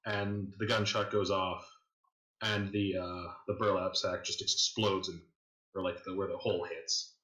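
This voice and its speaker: A man's voice: low voice, flat delivery, unhurried, pushed and bright. A man narrating a tabletop game as game master, casual and full of fillers. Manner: casual, filler-heavy storytelling. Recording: echoey room.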